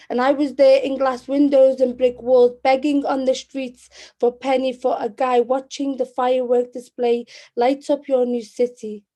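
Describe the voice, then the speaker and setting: Mellow-voiced Scouse woman poet. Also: a little high. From Liverpool, England. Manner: measured, rhythmic recitation. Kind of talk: spoken word poetry performance.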